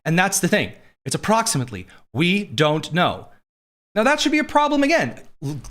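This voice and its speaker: A man's voice: fairly high pitch, fairly bright tone. A man hosting a live political commentary show, talking in a sarcastic, mocking way.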